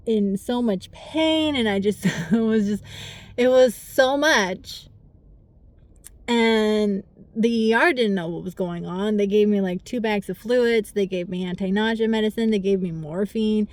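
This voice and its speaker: A woman's voice: medium pitch, darkish tone. A young adult woman telling a personal story to the camera, candid and rambling, with small laughs through the hard parts. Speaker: vlogger. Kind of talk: casual storytime.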